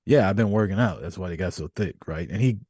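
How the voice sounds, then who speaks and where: Casting note: man, low husky voice, lively swooping delivery, casual podcast host. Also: fast talker, dry recording, clean studio sound. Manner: profane, storytelling, animated. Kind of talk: casual chat.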